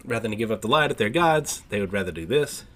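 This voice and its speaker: Man, casual manga recap, husky voice, animated rises and falls, lots of uhs and throat clearing. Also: on the low side, fast. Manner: rambling with many fillers and throat clearing. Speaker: manga reviewer.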